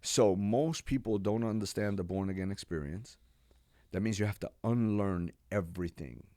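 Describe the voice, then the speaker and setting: A man in his forties, a pastor from New York, telling his life story as a podcast guest in an animated, casual way with slang. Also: on the low side, moderate pace, no echo, clean studio sound. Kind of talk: personal testimony in a podcast interview.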